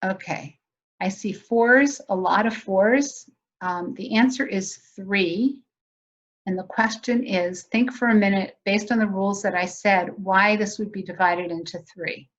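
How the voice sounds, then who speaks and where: A woman's voice: medium pitch, a little slow, lo-fi sound. A woman presenting a virtual teacher training session in a conversational, explanatory way, putting questions to her audience.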